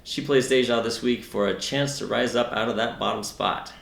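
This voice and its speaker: A man reads out league results in the manner of a mock news anchor, his delivery dry and sardonic. His voice sits at a middling pitch, and it carries a noticeable room echo. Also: normal speed, gravelly, fairly bright tone. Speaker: news-style fantasy league co-host. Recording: roomy echo.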